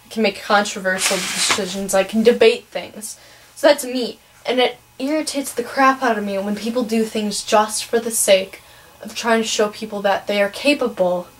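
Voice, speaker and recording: A woman's voice: mid-range voice, fairly even intonation, moderate pace, a little hiss or hum, poor audio. A teenage girl from Wisconsin talks with a Midwestern American accent. She rants casually and with strong opinions. She fills her talk with ums and sos. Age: teens. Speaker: vlogger. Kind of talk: casual ranting vlog.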